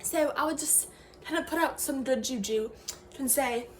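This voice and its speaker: A woman's voice: high-pitched, normal speed, background noise, natural voice. A young woman playing a self-serious fake professor in an improvised comedy sketch, talking in a rambling, mock-serious way with lots of fillers and trailing sentences. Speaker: comedy creator.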